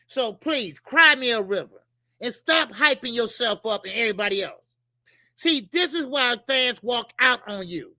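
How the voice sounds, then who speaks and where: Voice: medium pitch, pushed and bright, no echo, studio quality. A boxing talk show host giving heated commentary, blunt and profane, firing rhetorical questions at viewers.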